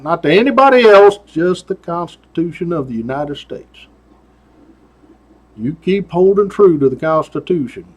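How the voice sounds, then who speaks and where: Folksy older ex-trooper, high voice. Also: male voice. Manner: folksy drawl with laughs and "doggone". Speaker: retired state trooper telling stories. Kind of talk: casual storytelling. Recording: dull lo-fi sound.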